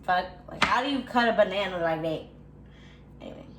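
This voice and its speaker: A woman's voice: medium pitch, lively intonation, a little fast. Profane, dramatic young woman in an echoey kitchen. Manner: profane, dramatic and complaining, talks to viewers. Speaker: vlogger. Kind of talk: casual cooking vlog. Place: home kitchen. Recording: echoey room with faint background noise.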